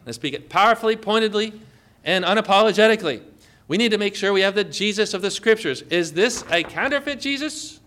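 Emphatic high-voiced man preaching. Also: lively intonation, fairly quick, a bit bright. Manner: emphatic, asks the congregation questions. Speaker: pastor. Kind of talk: sermon.

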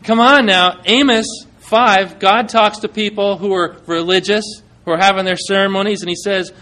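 A man with a high, light voice preaching from the pulpit. He reads scripture aloud and questions his listeners directly, his delivery swinging between loud emphatic peaks and hushed, low lines. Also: steady tone, moderate pace. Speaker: pastor. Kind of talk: sermon.

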